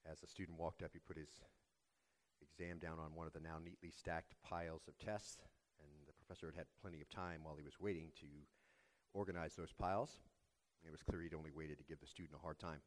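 A man preaching a sermon as pastor, telling a story in a measured, earnest way. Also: rumbling low, fairly even intonation.

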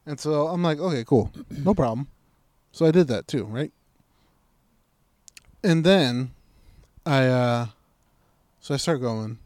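A man's voice: mid-range voice, takes it slowly, long pauses, darkish tone, no echo. Man, casual storyteller, acts out his own lines, swears a lot, close and dry. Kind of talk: casual chat.

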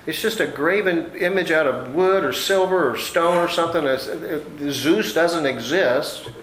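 A slightly high-voiced man delivers a sermon, reading scripture aloud and then talking it through in an easygoing, conversational way. His voice rings in a roomy, echoey space with a faint hum of ambience behind it. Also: unhurried, a bit bright. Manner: conversational preaching with homey anecdotes. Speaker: pastor.

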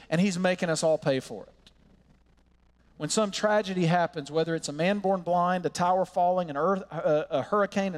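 A high-pitched man delivers an earnest, impassioned sermon, slowing to lean on key words. His voice rings with a long reverb, as in a church hall. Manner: earnest, impassioned preaching with slow emphatic pauses. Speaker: pastor.

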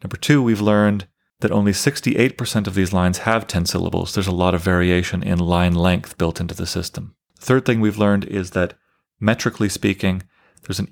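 Man, deep voice, gravelly, methodical teacher explaining poetry. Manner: methodical, explanatory, counts things out loud. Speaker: literature teacher. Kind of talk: lecture on poetic meter.

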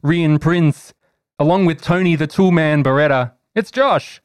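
Upbeat podcast host. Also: male voice, a little high, a little slow, clean tone, no echo. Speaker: podcast host and game master. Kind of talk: casual podcast chat.

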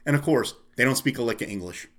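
A man with an ordinary mid-range voice rants through an angry story. He swears a lot and stays animated as he chats with a friend. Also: mid-range voice, fast, a little hiss or hum. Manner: profane, animated ranting. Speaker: storyteller in a casual chat. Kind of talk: casual chat.

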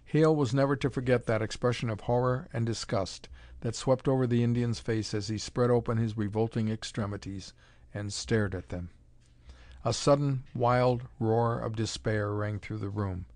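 A man's voice: medium pitch, steady tone, darkish tone, no echo. Man narrating a pulp story, dry. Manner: dramatic, measured reading.

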